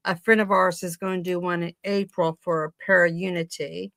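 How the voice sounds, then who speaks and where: A middle-aged woman from the United States, chatting on a video call and often pausing to search for words. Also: lowish voice, level tone, no room sound. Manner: hesitant, searches for words, laughs softly. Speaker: paranormal team member, guest. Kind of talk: casual video-call chat.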